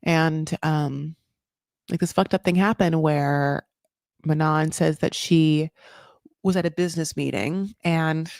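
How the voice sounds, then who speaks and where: Chatty low-voiced woman recapping. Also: fairly even intonation, slow, vocal fry, a little mellow, no echo, clean studio sound. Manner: chatty, full of "like" fillers, swears freely; acts out quotes in high mock voices. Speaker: recap show host. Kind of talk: casual commentary recap.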